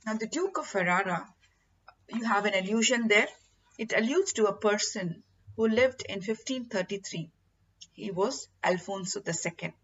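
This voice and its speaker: A woman's voice: mid-range voice, lively intonation, moderate pace, fairly bright tone, slight background noise. A woman lecturing on literature to students, explaining terms patiently and addressing her listeners directly. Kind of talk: classroom lecture. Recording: dull lo-fi recording.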